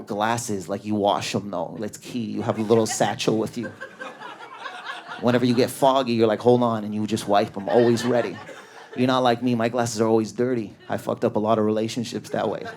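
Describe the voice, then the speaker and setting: A man doing a stand-up comedy set in a club, riffing at high energy on an audience member. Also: background noise. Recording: live club with a laughing crowd. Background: audience laughter.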